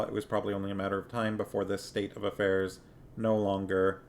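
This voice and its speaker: A man's voice: fairly low pitch, little pitch movement, brisk, a little hiss or hum. Man reading aloud on stream. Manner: muses aloud over word choices. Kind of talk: casual reading with commentary.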